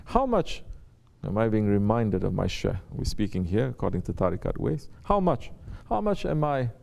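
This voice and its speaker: Low gravelly-voiced man teaching. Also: very animated, moderate pace, darkish tone. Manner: repetitive, checks in with rhetorical questions. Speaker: Sufi teacher. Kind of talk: spiritual talk to students.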